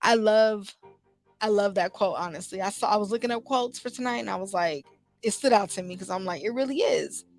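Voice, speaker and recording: A woman's voice: mid-range voice, fairly quick. Heartfelt young woman hosting a talk show. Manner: heartfelt, conversational, lots of "you know" and restarts. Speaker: host. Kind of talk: casual motivational talk show. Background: faint music.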